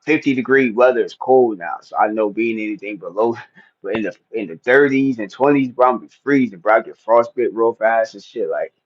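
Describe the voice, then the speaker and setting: A man's voice: fairly low pitch, a little fast. A man with a North Jersey accent, hosting a casual livestream chat in a laid-back, slangy way and laughing often. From New Jersey. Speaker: livestream host. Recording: dull lo-fi stream audio.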